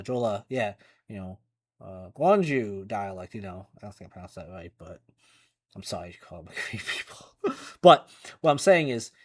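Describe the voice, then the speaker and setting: A man's voice: mid-range voice, no echo. A man hosting a gaming reaction video, rambling in casual chat full of restarts and fillers. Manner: rambling, many restarts and "you know".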